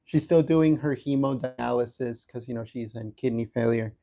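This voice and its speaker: A man giving a casual livestream update from a hospital room, talking haltingly with many fillers and restarts. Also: mid-range voice, highs cut off. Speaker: livestream host updating viewers.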